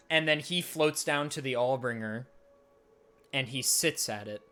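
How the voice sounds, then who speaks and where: A man runs a tabletop adventure as game master, painting the scene with booming sound effects and playful asides. His voice sits at an ordinary medium pitch and keeps an easy, storytelling flow. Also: a little slow, sharp tone, soft background music.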